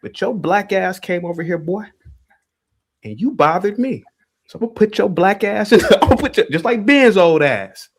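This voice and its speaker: A man hosts a heated call-in livestream, taunting callers, confronting them and hammering the same points again and again. His voice sits high and sounds slightly rough, animated and delivered at a moderate pace.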